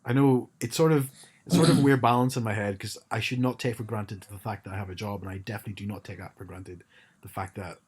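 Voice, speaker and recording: A man co-hosting a podcast, his voice sitting on the low side. He rambles in casual chat, stumbling and restarting his sentences often. His tone is wry. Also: steady tone, fast talker, a little mellow, slightly rough. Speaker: podcast co-host.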